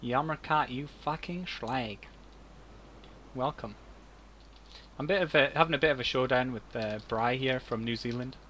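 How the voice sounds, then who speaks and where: Australian guy streaming a game, cheeky and teasing, bright sharp voice. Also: medium pitch, fairly even intonation, moderate pace, a little hiss or hum. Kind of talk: casual gaming chat.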